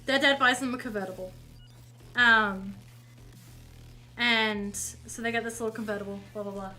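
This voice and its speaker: A woman's voice: a little high, steady tone, normal speed, long pauses, pushed and bright, low-quality recording. A woman streaming while painting, telling a rambling story in casual chat and often correcting herself. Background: faint music.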